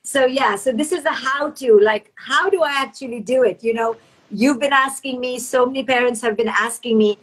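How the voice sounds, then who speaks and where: A middle-aged woman speaking as a guest author in a conversational interview, fast and emphatic, sometimes acting out the voices she quotes. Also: high voice, low-quality recording.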